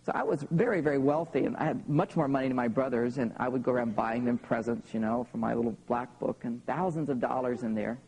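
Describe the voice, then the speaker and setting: A man's voice: mid-range voice, fast, hardly any pauses, a little mellow, husky, poor audio. A man in his thirties tells personal stories in a live seminar talk to an audience, often checking in with "okay?". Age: 30s. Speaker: seminar speaker.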